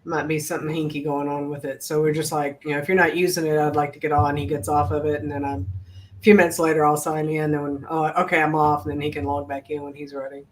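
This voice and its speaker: Flat-toned woman giving practical tips. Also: deep voice, fast talker, a little hiss or hum, rough recording. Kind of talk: casual chat.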